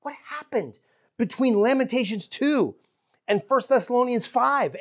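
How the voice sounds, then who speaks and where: A woman preaching a sermon in an earnest, emphatic way, dropping to hushed asides for effect. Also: a little high, animated, measured pace, slightly rough.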